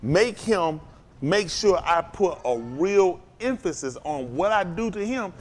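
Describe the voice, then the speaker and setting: A man preaching a sermon, animated and working with call and response, climbing to loud, high peaks. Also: unhurried.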